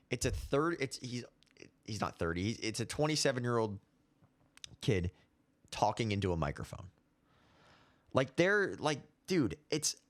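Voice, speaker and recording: A man's voice: mid-range voice, fairly bright tone. A man in his twenties hosting his own commentary show, ranting heatedly and repeating himself. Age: 20s. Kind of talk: casual opinion commentary.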